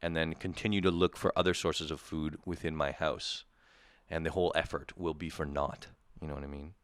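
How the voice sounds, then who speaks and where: A man's voice: rumbling low, flat delivery, a little fast, fairly bright tone, no room sound, studio quality. A young man ranting comedically, exasperated and profane, mock outrage building between laughs. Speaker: podcast host. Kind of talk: comedic rant.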